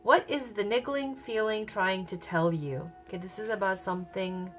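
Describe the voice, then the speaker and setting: A woman with a cold and a hoarse voice, giving a chatty, upbeat tarot reading. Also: medium pitch, moderate pace, soft background music. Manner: chatty, upbeat, thinks aloud. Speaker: tarot reader.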